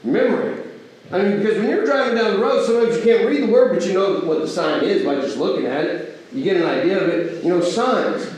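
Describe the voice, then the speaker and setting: A man's voice: sits high, fairly quick, darkish tone. A man teaching a Bible class in a church, chatty and full of rhetorical questions to the listeners. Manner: asks the audience rhetorical questions; acts out everyday quoted exchanges. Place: church hall. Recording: echoey hall from far off.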